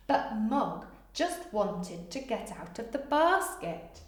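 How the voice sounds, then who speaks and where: Woman reading a children's storybook aloud, slow and lively. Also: medium pitch, far from the mic. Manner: animated, coaxing asides inviting children to join in. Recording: echoey room.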